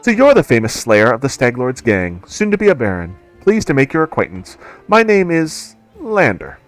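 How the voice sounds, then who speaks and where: A man's voice: mid-range voice, huge pitch swings, normal speed, faint music behind. A man voicing a polite, scheming seventeen-year-old noble heir in a game. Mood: courteous.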